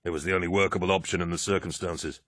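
A man doing a calm, formal soldier. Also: deep voice, fast, no echo, clean studio sound. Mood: measured.

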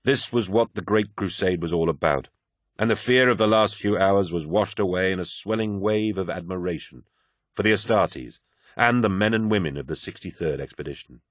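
A man with a very low voice narrates a war novel in a measured, dramatic way. His delivery is steady and scripted. The recording is dry and close, with no room sound. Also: no echo. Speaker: audiobook narrator.

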